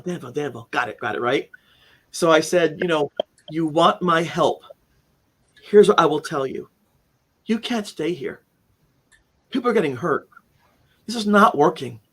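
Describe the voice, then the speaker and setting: A man telling a personal story as an interview guest, acting out quoted lines with sudden jumps in voice and frequent restarts. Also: on the high side. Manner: animated storyteller, acts out quotes, many restarts.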